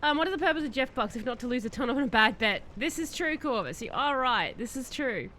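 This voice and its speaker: A woman streaming a game, possibly, chatting excitedly and answering her chat as she plays. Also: sits high, brisk, slight background noise. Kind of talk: live-stream gameplay chat.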